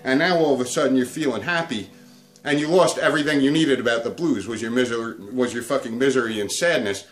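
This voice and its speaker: A man's voice: medium pitch, fast. A man hosting a comedic guitar video, ranting crudely and swearing nonstop. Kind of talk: profane comedic rant to camera.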